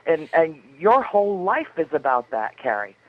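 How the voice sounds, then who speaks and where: An effusive woman guest chats and tells stories, laughing often. Her voice is fairly low for a woman. It comes through dull, lo-fi audio. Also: very animated, normal speed. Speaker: guest author. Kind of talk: casual chat.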